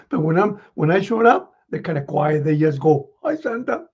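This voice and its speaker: A man playing Santa Claus, reading children's letters with a folksy chuckle and many pauses. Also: on the high side, animated, dull audio. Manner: chuckling, folksy, halting with fillers.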